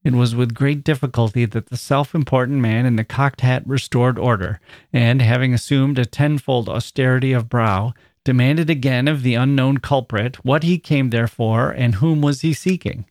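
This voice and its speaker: A podcast host reading a classic story aloud in a measured, expressive way. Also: male voice, mid-range voice, dry recording, studio quality.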